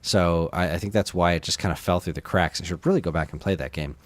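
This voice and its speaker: A man's voice: deep voice, quick pace, no room sound. A man co-hosting a gaming podcast in casual chat, enthusiastic and rambling, often laughing. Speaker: podcast co-host.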